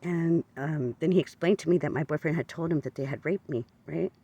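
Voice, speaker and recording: A man's voice: fairly high pitch, a little fast, dark tone, breathy edge, no echo. A man telling a personal story to camera in an earnest, confessional way, often stopping to restart and repeat his phrases. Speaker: vlogger.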